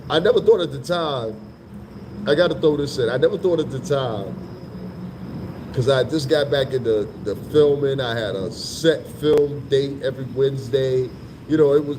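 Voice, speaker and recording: A man's voice: medium pitch, slight background noise, rough recording. A man vlogging in a casual, rambling storytelling monologue that is profane and full of asides. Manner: profane, rambling, laughs between remarks.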